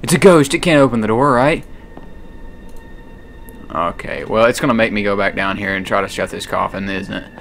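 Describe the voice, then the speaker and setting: A young man with a bright voice, playing a horror game and narrating aloud. He shouts in fright, mutters to himself, and talks close to a desk mic at home. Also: fairly low pitch, normal speed, creaky, long pauses, slight background noise. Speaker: gaming YouTuber.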